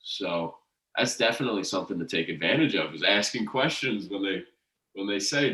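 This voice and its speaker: Deep-voiced man, distant and echoey. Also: expressive, pushed and bright. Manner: slow, halting, with many restarts. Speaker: podcast host. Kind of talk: casual conversation. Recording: echoey room, distant from the mic.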